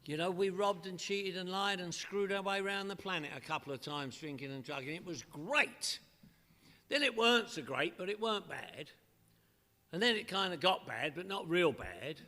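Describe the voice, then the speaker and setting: A middle-aged AA speaker from northwest London with a London accent uses comic repetition in his humorous recovery talk to a meeting. His fairly high voice sounds pushed and bright, and the meeting hall gives the recording an echoey reverb.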